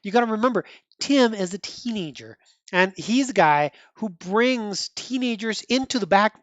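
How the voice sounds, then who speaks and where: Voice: medium pitch, lively intonation, normal speed, a bit bright, no room sound. Chatty comic book podcast host. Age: 30s or older. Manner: chatty, rambling, frequent restarts and laughs. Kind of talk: casual commentary reviewing a comic.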